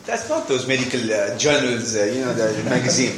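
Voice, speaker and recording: A man teaching an Arabic lesson to a class, drilling students with quick questions and answers. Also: medium pitch, crowd noise. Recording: echoey room from far off.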